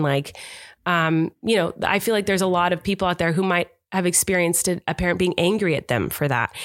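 A woman's voice: on the low side, a bit bright. A woman co-hosting a podcast, telling a family story in a rambling, affectionate, teasing way. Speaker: podcast co-host. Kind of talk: casual storytelling chat.

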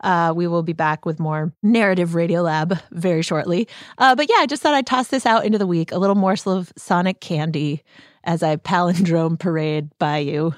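A woman's voice: fairly low pitch, normal speed, no room sound, studio quality. A woman from the Boston area hosting a podcast, talking in a playful, chatty way and dropping to a whisper in places. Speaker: podcast host. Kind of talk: casual chat.

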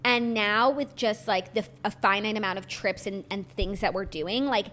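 A woman's voice: mid-range voice, slight background noise. A woman co-hosting a podcast, talking casually about movies and giving advice. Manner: rapid, animated, full of "like". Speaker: podcast co-host. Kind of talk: casual chat.

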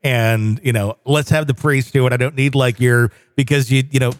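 A man's voice: medium pitch, no echo. A man hosting a call-in show, chatting casually in a wry, rambling way with many fillers. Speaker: host. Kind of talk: casual chat.

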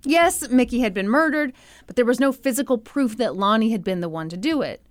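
Woman podcaster, snarky animated storytelling, smooth clear voice, dry close mic. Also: fairly high pitch, brisk, dry recording. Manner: sarcastic, animated, laughs often. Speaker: podcast host. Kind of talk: comedic storytelling.

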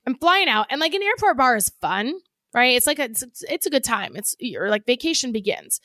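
Woman, podcast co-host, high voice, animated storytelling, casual swearing, dry close sound. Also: fairly quick, dry recording. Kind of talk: casual chat.

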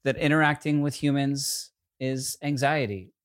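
A man co-hosting a casual chat, speaking in a relaxed, halting way. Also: mid-range voice, clear, resonant tone, dry recording, clean studio sound. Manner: relaxed, halting, with fillers and restarts. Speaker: podcast co-host.

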